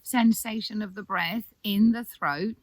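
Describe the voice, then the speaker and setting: Woman, yoga teacher, soft calm voice, unhurried guidance, long pauses, mid pitch. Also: no room sound. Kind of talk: gentle breathing instruction.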